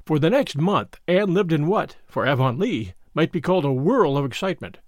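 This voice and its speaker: A man hosting and narrating a classic novel in an expressive storytelling manner. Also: fairly high pitch, moderate pace, no room sound, clean studio sound. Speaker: host and reader. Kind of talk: scripted audiobook narration.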